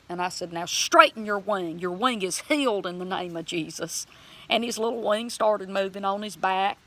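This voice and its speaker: A woman telling a personal faith testimony in a plain-spoken, folksy way, animated and emotional as she acts out her own words. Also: mid-range voice. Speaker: Christian vlogger sharing a testimony.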